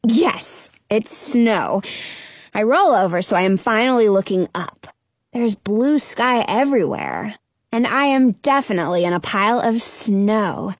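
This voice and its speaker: A woman narrating a first-person children's story aloud, expressive and quick to burst into excited exclamations. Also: medium pitch, no room sound. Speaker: audiobook narrator.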